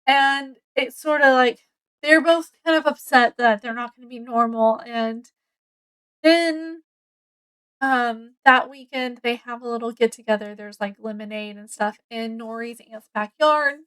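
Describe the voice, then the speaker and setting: A woman's voice: on the high side, a little slow, clear, resonant tone, rough recording. A woman casually reviewing a book, retelling its plot in a rambling way with many ums and self-corrections. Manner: acts out characters' lines with excitement.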